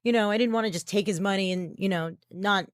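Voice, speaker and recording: A woman's voice: medium pitch, fast talker, no room sound, clean studio sound. A young woman comedian chatting casually as a podcast guest, laughing often and filling her talk with "like" and "you know". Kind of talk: casual interview chat.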